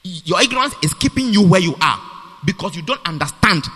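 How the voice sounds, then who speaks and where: A man's voice: sits high, expressive, a little fast, pushed and bright, husky. A man preaching a sermon in a church, emphatic and repetitive, restarting phrases as he drives his point home. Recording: long reverb of a church hall.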